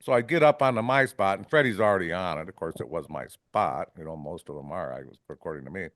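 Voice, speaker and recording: This Wisconsin man, a fishing guide, has a deep, fairly bright voice and a quick pace, captured with clean, echo-free studio sound. Telling casual stories on a podcast, he rambles, frequently tags lines with "right?", and performs salty quotes.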